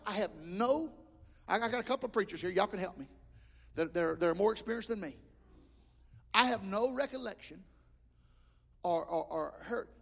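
A man preaching a Pentecostal sermon as pastor in a church, impassioned, with shouted peaks and stammered restarts. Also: sits high, creaky, breathy edge. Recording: long reverb of a large hall.

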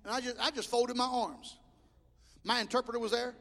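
A man preaching a Pentecostal sermon as pastor in a church, impassioned, with shouted peaks and stammered restarts. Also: very high voice, steady tone, a little fast, vocal fry, slight background noise. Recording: long reverb of a large hall.

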